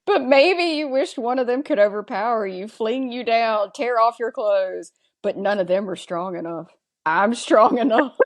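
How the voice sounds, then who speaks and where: A woman's voice: on the high side, measured pace, pitched above the performer's own voice, lightly acted. A woman on a podcast reading out the lines of a sarcastic, mocking captive male knight in a teasing tone. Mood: taunting. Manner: teasing, taunting read-aloud.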